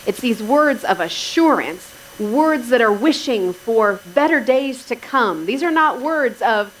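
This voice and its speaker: A woman's voice: fairly high pitch, animated, measured pace, hardly any pauses, a little hiss or hum, low-quality recording. Woman preaching with wry asides. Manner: conversational, wry asides to the congregation. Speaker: pastor. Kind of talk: sermon.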